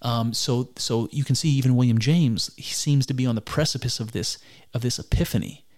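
A man's voice: mid-range voice, brisk, a little mellow. A man giving a reflective spoken commentary on a text, earnest and musing, often stopping to restart his sentences. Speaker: speaker discussing mysticism.

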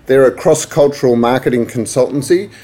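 Man, Australian accent, middle pitch, podcast host, chatty, friendly. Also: fairly quick, dark tone. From Australia, grew up in Asia Pacific. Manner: friendly, chatty, laughs easily. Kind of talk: conversational interview.

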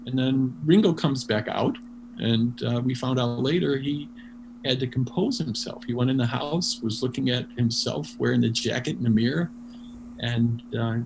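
Gravelly man telling an animated story. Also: mid-range voice, normal speed. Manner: animated, many restarts, laughs while telling. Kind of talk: casual storytelling interview. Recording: noisy background hum.

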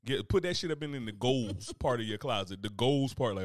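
A man talking in loose, comic back-and-forth. His pitch swoops up and down as he acts out little scenes and quotes in put-on voices. The sound is dry and close. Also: expressive, a little fast, few pauses, no echo. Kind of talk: casual comedic chat.

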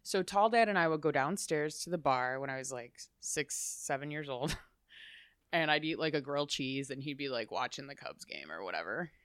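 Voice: mid-range voice, animated, moderate pace, fairly bright tone, no echo, studio quality. A guest from Chicago telling stories in a casual interview, rambling with lots of "like" asides. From Chicago, USA. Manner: chatty, rambling, full of "like" asides.

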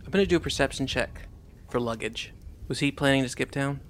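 A man's voice: medium pitch, fairly quick, a little hiss or hum. A man playing a tabletop role-playing game, chatting casually and in character. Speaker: player.

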